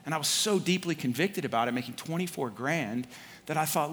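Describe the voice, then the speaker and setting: A man preaching a sermon in a relaxed, conversational way, with slang and filler words. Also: a little high, fairly quick. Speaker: pastor. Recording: long hall reverb.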